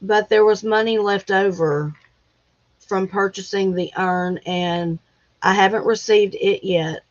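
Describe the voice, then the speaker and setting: A woman hosting a casual livestream chat, talking in an emotional, halting way as she fights back tears. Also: mid-range voice, steady tone. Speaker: livestream host. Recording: dull lo-fi livestream audio.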